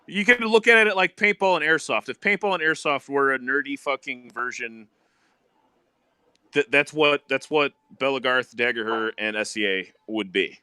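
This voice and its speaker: A man co-hosting a casual gaming stream, telling animated, profane stories. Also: fairly high pitch, clean tone, dry recording, clean studio sound. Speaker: stream co-host.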